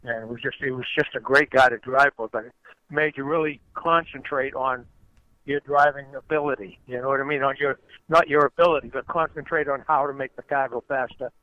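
An older man, a retired race car driver, tells stories as a guest, rambling and often restarting his phrases. His mid-range voice holds a fairly even intonation and moves a little fast, with no echo. The recording has a dull, lo-fi quality.

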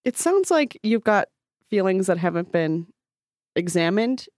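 Chatty, animated woman co-host. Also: mid-range voice, a little slow, no echo, clean studio sound. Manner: chatty, animated, acts out quotes with many "like"s. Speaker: advice podcast co-host. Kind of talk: casual chat.

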